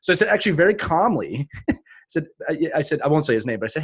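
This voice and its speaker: A man hosting a casual podcast discussion as a youth hockey coach, energetic and laughing as he tells stories. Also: on the high side, fast talker, husky. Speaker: podcast host.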